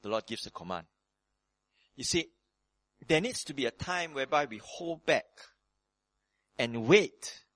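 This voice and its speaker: A man preaching a sermon on a Bible passage, animated and dramatic, moving between loud emphasis and hushed tones, with casual asides to his listeners. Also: mid-range voice, measured pace, long pauses, dry recording. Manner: conversational asides with frequent "you know" and "right".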